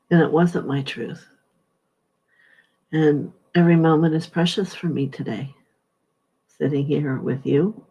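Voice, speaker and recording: A middle-aged woman speaking as a spiritual speaker, sharing a personal testimony in a halting, heartfelt, soft-spoken way. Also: deep voice, breathy edge, highs cut off.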